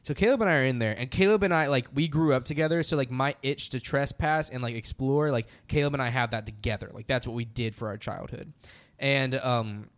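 A young man telling a story in casual podcast chat, animated and full of "like" fillers. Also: medium pitch, a little fast. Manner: animated, heavy use of "like" fillers. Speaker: podcast storyteller, band member.

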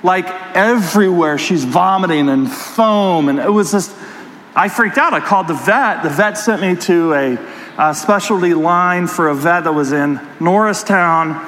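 A pastor delivering a sermon with an animated personal story, talking straight to his congregation. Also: high voice, unhurried, big-room sound, slight background noise, rough recording.

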